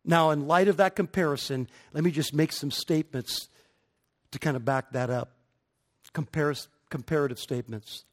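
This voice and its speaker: Preaching at a moderate pace, a middle-aged pastor with a noticeably high voice leads his congregation through a sermon. He leans heavily on his key points, his emphatic delivery building to forceful climaxes.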